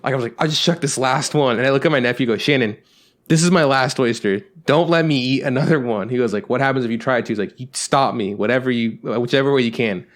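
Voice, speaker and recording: Young adult male co-host, fast talker, rambling storyteller who swears freely. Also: mid-range voice. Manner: rambling anecdotes with acted-out quotes, swears freely. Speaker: podcast co-host. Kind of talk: casual storytelling chat.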